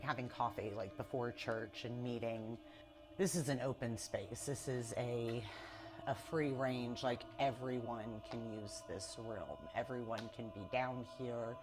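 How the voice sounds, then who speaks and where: Uneasy medium rambling through a church basement. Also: mid-range voice. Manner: rambling, filler-heavy, uneasy. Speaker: psychic medium on an investigation. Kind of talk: paranormal walkthrough narration.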